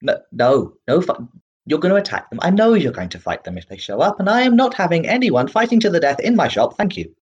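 A man's voice: a little high, big pitch swings, fast, husky, highs cut off, voice pushed up. A man voicing a fussy, anxious male halfling shopkeeper who stammers and keeps refusing. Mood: flustered. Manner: flustered, repeating no, stammering.

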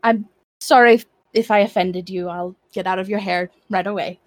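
A woman's voice: medium pitch, fairly even intonation, normal speed, no echo, close to an everyday voice. A woman voicing a courteous, apologetic red-haired human adventurer. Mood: polite.

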